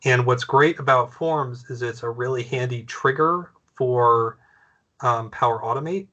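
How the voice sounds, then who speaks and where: A man presenting an online training on a video call, relaxed and friendly, losing his voice. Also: medium pitch, unhurried, highs cut off.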